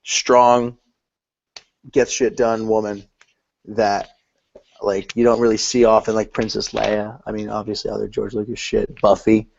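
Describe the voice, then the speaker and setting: A man's voice: fairly low pitch, flat delivery, unhurried, gravelly, a little mellow. A young man co-hosting a podcast, chatting loosely about films in slang. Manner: loose slangy talk, says dude. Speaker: podcast co-host. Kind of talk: casual film discussion. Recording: dull lo-fi podcast audio.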